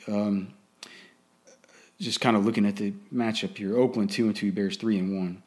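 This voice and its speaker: A man's voice: fairly low pitch, fairly even intonation, normal speed, long pauses. A man giving casual fantasy football and betting commentary in a blunt, opinionated way, often restarting and repeating words.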